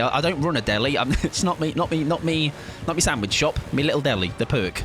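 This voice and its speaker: Animated, joking man streaming. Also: fairly high pitch, fast. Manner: playful, joking, chatty with goofy bits. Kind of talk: casual live-stream gaming chat.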